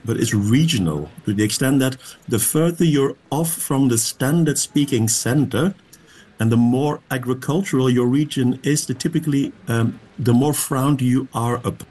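A Dutch-speaking man from Belgium, wry and measured as a radio guest. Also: medium pitch, a little mellow, slightly rough. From Flanders, Belgium. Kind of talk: radio discussion.

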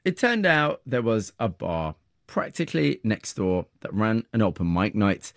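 Low-voiced guy narrating, dry close sound, measured. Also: very animated, no echo. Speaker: narrator and interviewer. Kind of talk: scripted narration.

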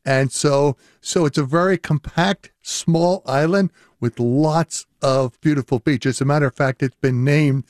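A man who is a linguistics professor, speaking as a guest on a radio show with halting restarts. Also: on the high side, steady tone, darkish tone, no echo, clean studio sound. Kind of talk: radio interview. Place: radio studio.

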